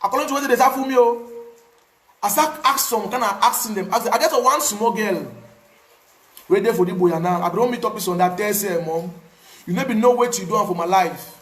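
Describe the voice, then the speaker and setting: Cameroonian pidgin guy, highish voice, animated storytelling, kinda roomy sound. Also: fairly quick. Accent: Cameroonian Pidgin English. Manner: animated, repetitive, pidgin phrasing. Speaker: activist. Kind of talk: casual personal storytelling.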